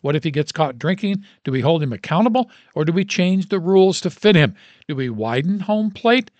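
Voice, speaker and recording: A man's voice: expressive, brisk, a little mellow, dry recording, dull audio, close to an everyday voice. A man voicing a fiery old male baseball coach who lectures a crowd of coaches in an emphatic, preacher-like way. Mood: booming, preachy. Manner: booming, emphatic, preacher-like delivery.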